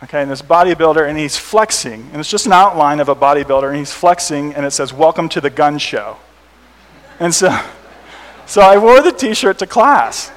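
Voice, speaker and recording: Man from the US, missionary telling anecdotes, animated and chuckling, voice a bit high, long hall reverb. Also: a little fast. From United States. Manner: animated, laughing at his own stories. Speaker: missionary speaker. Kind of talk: storytelling talk to an audience.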